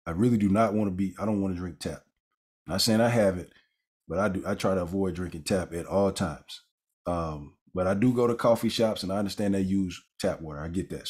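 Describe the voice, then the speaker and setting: A man's voice: sits low, husky. A man giving a conversational Bible lesson, wandering into casual asides with fillers and restarts, then reading scripture aloud and stressing key words. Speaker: Bible teacher.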